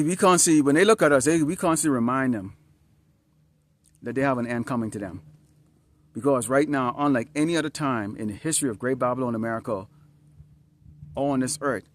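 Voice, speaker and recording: A man preaching an outdoor sermon, emphatic and repetitive, often checking in with the listeners with short questions. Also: mid-range voice. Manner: emphatic, repetitive, peppered with "Huh?" and "All right?". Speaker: street preacher. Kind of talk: outdoor sermon with scripture reading. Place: outdoors, dusty and slightly windy.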